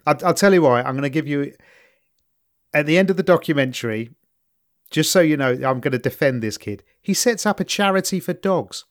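A man with a slightly higher-than-usual voice chats casually as a podcast co-host. He talks about a documentary with easy laughs and lively asides. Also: a little fast. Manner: laughing, chatty, jumps into quoted voices. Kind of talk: casual chat reviewing a documentary.

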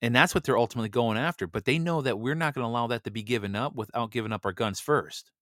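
A man's voice: medium pitch, fast talker, a bit bright, no echo, clean studio sound. A man hosting a commentary show, reading headlines and ranting about them with sarcasm and many "you know" fillers. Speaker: host of a news commentary show.

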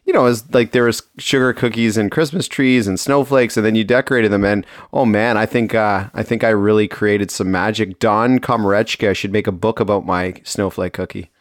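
A man co-hosting a podcast in casual chat, relaxed and joking, who laughs easily. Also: lowish voice, brisk, few pauses, no echo, clean studio sound. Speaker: podcast co-host.

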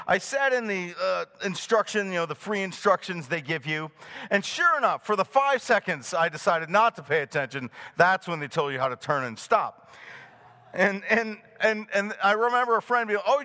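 Animated, bright-voiced middle-aged pastor. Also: male voice, high voice, normal speed. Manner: animated storytelling, chuckling often. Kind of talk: sermon with a personal story. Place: in front of a live congregation.

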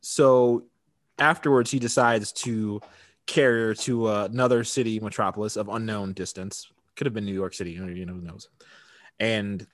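A man's voice: fairly low pitch, normal speed, no echo, clean studio sound. A man co-hosting a podcast, casually retelling a TV episode and laughing often as he talks. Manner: laughs often, relaxed storytelling. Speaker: podcast co-host. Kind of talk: casual chat recapping a TV episode.

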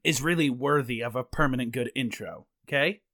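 A man's voice: medium pitch, brisk, fairly bright tone. A man co-hosting a comedy podcast, talking in an eager, playful way. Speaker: podcast co-host.

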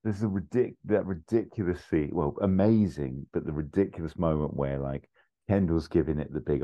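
A man co-hosting a podcast, chatting casually and retelling scenes in a rambling, animated way. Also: deep voice, brisk, muffled recording. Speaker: podcast co-host. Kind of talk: casual chat.

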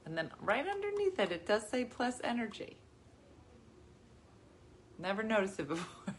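A woman in her forties hosting a casual chat with viewers from her living room, chatty and animated, jumping from topic to topic. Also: mid-range voice, normal speed, long pauses. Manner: chatty, animated, jumps between topics and laughs often. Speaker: livestream host.

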